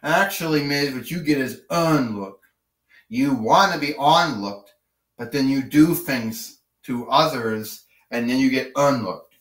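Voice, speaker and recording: A man's voice: mid-range voice, unhurried, fairly bright tone, natural voice. A man voicing a bossy female wrestling villain. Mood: scolding. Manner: taunting, commanding. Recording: roomy, mic far off.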